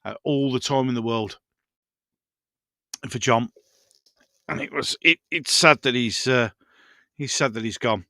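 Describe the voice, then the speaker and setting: A man's voice: mid-range voice, a little slow, long pauses, pushed and bright, no room sound, studio quality. A man hosting a casual live stream, rambling through viewer comments and chatting to his pets.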